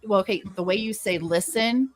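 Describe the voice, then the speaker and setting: A woman's voice: fairly low pitch, normal speed. A woman on an online panel, gushing and enthusiastic in casual chat. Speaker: panel guest.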